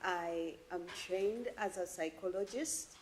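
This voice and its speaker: A woman from Uganda asking an earnest, emotional question at an academic forum in a lecture hall, with halting restarts. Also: on the low side, a little hiss or hum. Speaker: audience member asking a question.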